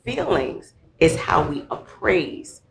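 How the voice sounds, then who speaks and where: A woman explains emotions with vivid everyday examples, her voice pitched low and edged with gravel. The room around her rings with a noticeable echo. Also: big pitch swings, slow pace, background noise. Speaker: guest, mental health professional. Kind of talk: conversational teaching.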